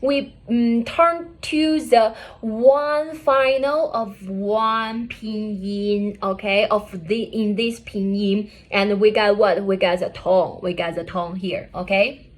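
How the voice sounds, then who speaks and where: A woman's voice: medium pitch, fairly even intonation, slow. A woman teaching a pinyin lesson, repeating every point and checking with "okay?". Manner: repetitive, drilling each point with "okay?". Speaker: Chinese language teacher.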